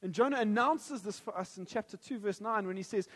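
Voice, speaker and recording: A man's voice: high voice, fairly quick, a bit bright, long reverb tail. A man preaching a sermon, joking at first and then earnest and prayerful.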